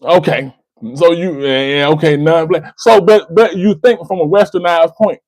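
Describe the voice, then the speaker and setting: A man's voice: on the high side, fairly even intonation, moderate pace, a little mellow, dry recording, rough recording. A man, hosting a call-in debate and lecturing the caller. He keeps repeating the caller's name and restarting his words. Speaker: host of a call-in debate stream. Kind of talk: argumentative call-in discussion.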